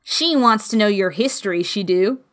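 A woman voicing a male griffin, a rough-spoken, chuckling creature who talks briskly in broken grammar. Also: mid-range voice, expressive, fairly bright tone, close to an everyday voice. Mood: gruffly amused. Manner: brisk, ungrammatical, rough speech.

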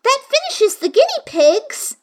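A woman's voice: extremely high pitch, sing-song, unhurried, pitched above the performer's own voice, exaggerated voice. A woman voicing Alice, a curious, prim young girl musing to herself in an audiobook reading. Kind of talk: audiobook character voice.

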